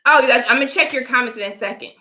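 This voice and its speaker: A woman's voice: fairly high pitch, rapid-fire, bright, forceful tone, reverberant. A woman with a dry cough from allergies, hosting a live stream and talking her opinions through emphatically, often checking in with viewers. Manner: emphatic, repeats "all right?" to viewers. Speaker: livestream host.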